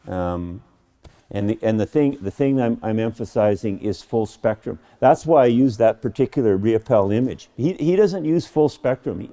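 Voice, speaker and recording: Man, middle-aged, painting teacher, eager chatty demo, stumbling restarts, mellow tone. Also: mid-range voice. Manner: enthusiastic, chatty, many restarts and repeated words. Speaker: painting instructor. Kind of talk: painting demonstration. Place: art studio.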